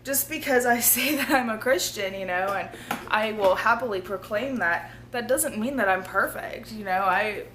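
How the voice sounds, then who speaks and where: A woman, hoarse and losing her voice, talking casually and earnestly to her viewers in a rambling vlog, often laughing. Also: medium pitch, moderate pace, noisy background. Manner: rambling, earnest, laughs often, drops to a near-whisper at times. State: losing her voice, feeling ill. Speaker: vlogger.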